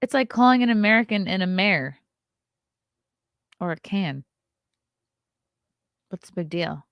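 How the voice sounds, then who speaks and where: A woman with an animated, medium-pitched voice hosts a morning livestream, unhurried as she chats and reads headlines with sarcastic asides. She sometimes drops to a whisper, and the audio is dull with no echo.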